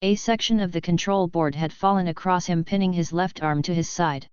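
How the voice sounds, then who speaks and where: A woman narrating an audiobook with a steady, measured delivery. Her voice is very clear and somewhat low. The recording is dry, with a slightly muffled, lo-fi quality. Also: no room sound. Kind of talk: scripted narration.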